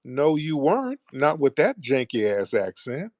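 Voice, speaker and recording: A man's voice: mid-range voice, sing-song, measured pace, darkish tone, no echo, clean studio sound. A man hosting a heated call-in debate, mocking and combative, talking over his caller. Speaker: host.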